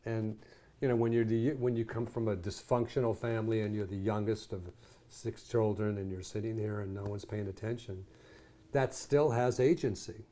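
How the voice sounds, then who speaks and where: Mellow-voiced man in his sixties. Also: fairly low pitch, fairly even intonation, moderate pace. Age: 60s. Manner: rambling, explains through long analogies. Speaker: psychologist, podcast co-host. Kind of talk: casual conversational chat.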